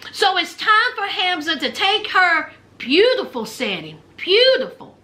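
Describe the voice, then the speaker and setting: A woman's voice: very high-pitched, big pitch swings, unhurried, sharp tone. A woman with a Southern US accent, recapping a reality TV show in casual, sassy storytelling with playful trash talk.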